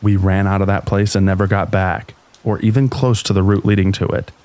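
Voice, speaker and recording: Deep-voiced man narrating scary stories. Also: flat delivery, fairly quick, darkish tone, no echo.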